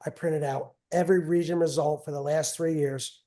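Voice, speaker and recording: A man's voice: a little high, steady tone, moderate pace, mellow. A middle-aged man, telling stories as a guest in a casual, rambling way and often repeating himself. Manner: rambling, repeats phrases, trails off. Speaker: guest, wrestling coach and father. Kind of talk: casual storytelling.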